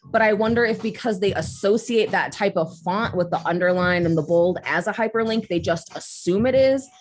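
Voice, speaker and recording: A woman's voice: medium pitch, normal speed, a little hiss or hum. A woman co-hosting a casual podcast, wry and sardonic as she comments. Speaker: podcast co-host.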